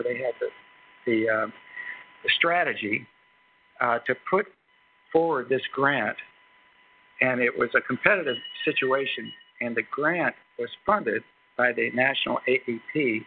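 A man's voice: mid-range voice, slight background noise. Man introducing a speaker, tinny sound. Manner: hesitant, many fillers and restarts. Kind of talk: formal introduction at a lecture. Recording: tinny phone-like recording.

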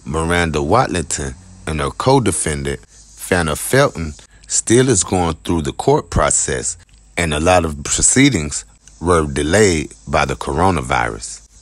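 A male crime news host with an extremely low voice. He narrates slowly and deliberately, like a channel sign-on and sign-off. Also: big pitch swings, no echo. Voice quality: very deep voice.

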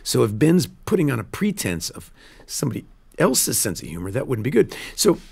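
A man, a film director, telling stories in a casual studio interview, earnest and animated, often restarting his sentences. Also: mid-range voice, fairly quick, creaky, husky. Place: radio studio.

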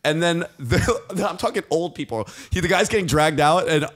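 A man's voice: on the high side, moderate pace. A young man co-hosting a podcast, telling a bar story in slangy casual chat and acting out the quotes. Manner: animated, slangy, acts out quotes. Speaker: podcast co-host.

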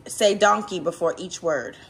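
A woman hosting a casual family vlog, talking with excitable, gushing exclamations. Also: lowish voice, normal speed. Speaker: vlog host.

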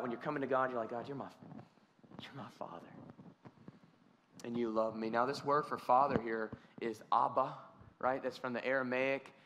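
A man's voice: mid-range voice, fairly bright tone, slight background noise. A man preaching a sermon as pastor, earnest and conversational, often restarting his sentences. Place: church sanctuary. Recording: church hall reverb.

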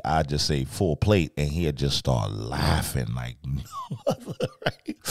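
A middle-aged man with a very deep, low voice hosts a podcast in a casual, laid-back way. His talk is loose and slangy, full of asides to the listeners. The sound is dry and close to the mic. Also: darkish tone, no echo. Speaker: podcast host.

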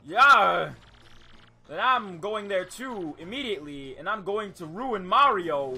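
A man's voice: high-pitched, animated, faint music behind, pitched above the performer's own voice, exaggerated voice. Man putting on a blustering villain king Bowser. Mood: determined. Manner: gruff villain bluster, slow drawn-out shouts. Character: blustering boastful male turtle-dragon king. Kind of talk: reading game dialogue aloud in voices.

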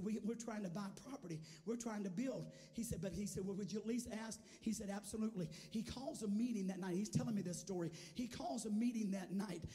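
A man preaching a sermon as a guest, moving between quiet storytelling and shouted, sing-song preaching. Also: high voice. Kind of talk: Pentecostal sermon. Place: large church sanctuary. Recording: church hall with long reverb and faint music.

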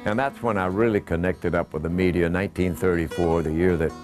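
A man in his eighties, from Georgia in the US, recalling his baseball broadcasting career in an unhurried, folksy interview manner. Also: low-pitched, steady tone, music in the background. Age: 80s. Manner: unhurried, folksy, gentle chuckles and fillers. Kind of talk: reminiscing interview.

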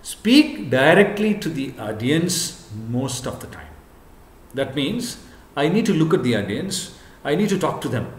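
A male professor giving an earnest lecture to camera, repeating his points and often pausing on "what you call". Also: on the high side, sing-song. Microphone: camera, speaking to camera. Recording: echoey room.

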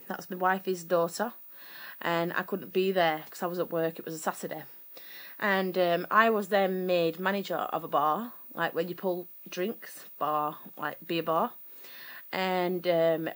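A woman, from Sheffield, telling a personal story to camera in a rambling, chatty way full of fillers and self-corrections. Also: on the low side. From Sheffield, England. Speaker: vlogger.

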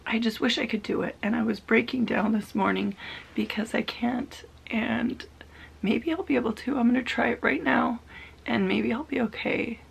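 Woman, 30s, heavy vocal fry, breathy husky tone, emotional confiding video diary, soft halting half-whisper. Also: a little high. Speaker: vlogger.

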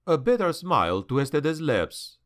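A man narrating a dark fantasy audiobook in a slow, deliberate, dramatic manner. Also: a little high, very animated.

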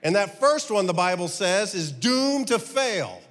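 Animated man in his fifties preaching. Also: high voice, unhurried, long reverb tail. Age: 50s. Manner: rhetorical questions, emphatic preaching. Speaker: pastor. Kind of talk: sermon.

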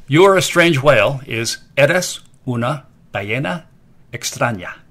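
Playful, lively-voiced male language teacher. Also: medium pitch, a little slow. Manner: playful, repeats phrases for learners to echo. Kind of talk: scripted narration for a kids' lesson.

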